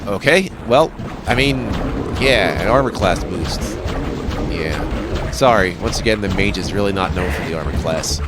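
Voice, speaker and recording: A man's voice: low voice, expressive, unhurried. A man giving casual let's-play commentary as a gaming channel host, rambling and joking, swearing now and then, recorded on a desk microphone. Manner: rambling, jokey, swears, breaks into silly sing-song. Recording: loud game music behind the voice.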